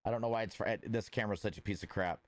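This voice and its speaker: A man's voice: fairly low pitch, fairly even intonation, very fast, no echo. A man chatting casually with viewers on a livestream, rambling with lots of filler words and greeting people by name. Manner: laid-back and friendly, greeting viewers by name.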